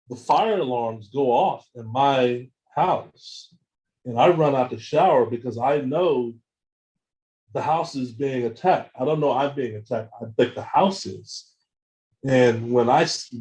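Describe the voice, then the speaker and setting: A man speaks at a seminar, telling his story with animated energy. His voice is mellow and warm, and he acts out both sides of phone calls. He stumbles over words and repeats them often. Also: mid-range voice, poor audio. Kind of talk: storytelling talk with slides.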